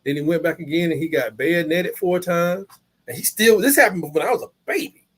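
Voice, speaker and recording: A man's voice: fairly high pitch, a little fast, fairly bright tone, husky. A man hosting a live game watch-along, rambling through casual stories in colloquial slang. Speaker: live stream host.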